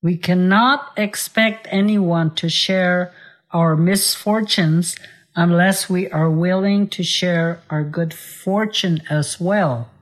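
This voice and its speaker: Slow, deliberate woman teaching words. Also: fairly even intonation. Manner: voices characters with raised pitch. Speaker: language teacher. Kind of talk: storytelling and vocabulary lesson.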